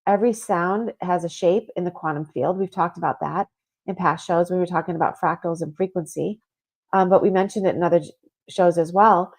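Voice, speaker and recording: A woman's voice: lowish voice, brisk. A woman hosting a spiritual talk show, chatting casually and reading listener comments aloud with lots of fillers. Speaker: podcast host.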